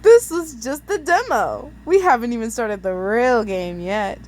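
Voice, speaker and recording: A woman's voice: fairly high pitch, expressive, unhurried, darkish tone, poor audio. A woman voicing a cruel, playful male demon boy who mocks his victim, in an amateur storybook reading. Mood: taunting. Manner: mocking, giggly.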